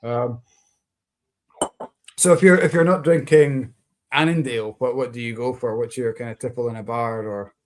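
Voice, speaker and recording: A man hosting a relaxed video call chat, easygoing and encouraging with his guest. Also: mid-range voice, moderate pace, pauses often. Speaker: host.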